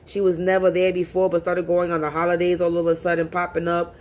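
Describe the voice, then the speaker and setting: A woman's voice: on the low side, completely flat delivery, fast talker, a little mellow. A woman speaking to camera in a casual monologue as a spiritual reader, talking bluntly and profanely and often repeating words as she restarts.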